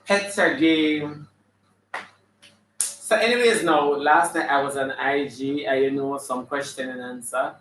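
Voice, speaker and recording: A man with a Jamaican accent playing a flamboyant, sassy female character full of attitude, hosting a live stream and shouting out viewers' names. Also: mid-range voice, steady tone, measured pace, slight background noise, natural voice. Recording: echoey room, mic at a distance.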